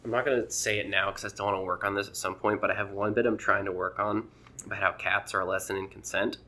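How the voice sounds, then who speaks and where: A man's voice: on the low side, little pitch movement, fast, pushed and bright. A man in casual podcast chat, an amateur comedian who rambles and acts out voices when retelling jokes.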